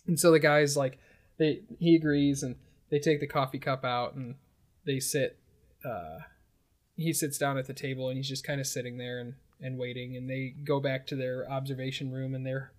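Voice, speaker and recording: A man with a middle-pitched voice spins an improvised comic story. He rambles and leans on fillers. The telling is loose and casual.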